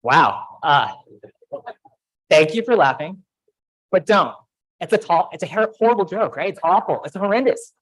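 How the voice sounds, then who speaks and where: A man's voice: high-pitched, animated, moderate pace, pauses often, a bit bright, low-quality recording. A man speaking at a podium microphone in a large auditorium, giving a casual, self-deprecating ceremony speech full of stories. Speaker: faculty speaker.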